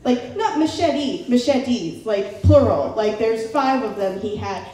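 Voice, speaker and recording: A woman's voice: on the high side, lively intonation, measured pace, mellow. A young woman from Southern California doing a chatty, playful stand-up routine at a live show. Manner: chatty, playful, acts out family members' voices. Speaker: stand-up comedian. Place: live comedy show in a large room. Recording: very echoey room with faint background noise.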